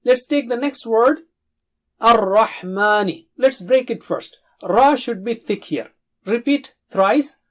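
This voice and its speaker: A Quran recitation teacher giving a lesson and drilling syllables slowly for pupils to repeat. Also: mid-range voice, a bit bright. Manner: slow, careful, stresses single syllables for pupils to copy.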